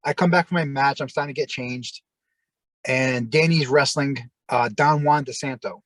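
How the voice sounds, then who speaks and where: A man who used to wrestle, telling a backstage story as an interview guest, cursing freely and acting out his own shouts. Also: medium pitch, moderate pace, no echo, poor audio. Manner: animated, profane, acts out his own shouting.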